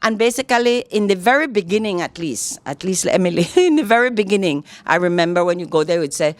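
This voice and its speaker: Talking fast and animatedly at medium pitch, a guest educator with a Belizean Kriol accent explains topics in a relaxed interview. She teaches as she goes, regularly asking "all right?" to confirm understanding, and the recording has no room sound.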